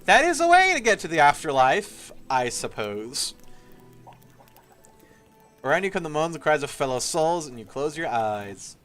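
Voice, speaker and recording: A man's voice: fairly high pitch, very animated, moderate pace, long pauses, fairly bright tone, faint music behind. A man streaming a game, reading its text aloud and adding casual asides.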